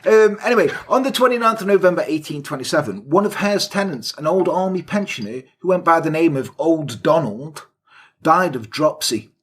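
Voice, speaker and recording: A man's voice: a little high, expressive, normal speed, fairly bright tone, husky. A man co-hosting a crude, jokey podcast, telling a true crime story with lots of swearing and asides. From England. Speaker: podcast co-host. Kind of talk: casual crude comedic chat.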